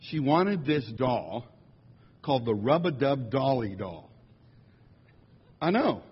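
A man, a musician, telling humorous stories to a congregation in an animated, jokey way, slipping into quick impressions. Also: mid-range voice, husky. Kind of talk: humorous storytelling talk. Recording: dull lo-fi sound in a large reverberant hall.

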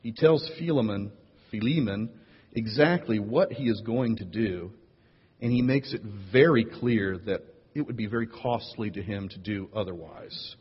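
A man's voice: on the low side, normal speed, breathy edge, big-room sound, highs cut off. A man preaching a sermon as pastor, with wry, playful asides.

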